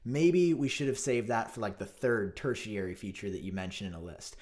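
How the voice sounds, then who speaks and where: A man vlogging to camera in a mock-outraged, sarcastic commentary, theatrical and swinging between loud jabs and muttered asides. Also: fairly low pitch, normal speed. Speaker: tech vlogger.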